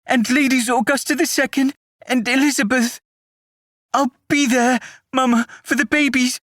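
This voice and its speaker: A man voicing a young boy prince, grief-stricken and earnest, in a high, strained boyish voice. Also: fairly even intonation, normal speed, a bit bright, no room sound, clean studio sound.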